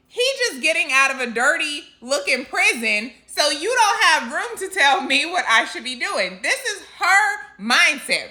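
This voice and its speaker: A woman telling a story in a casual vlog. She is animated and laughs often as she goes. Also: high-pitched. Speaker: Christian vlogger.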